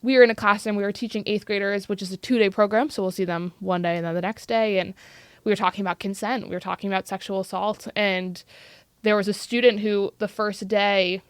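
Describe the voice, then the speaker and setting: A woman who teaches youth violence prevention, telling stories in a podcast interview in an earnest, animated way with frequent "like". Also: mid-range voice, a little fast, clear, resonant tone, dry recording.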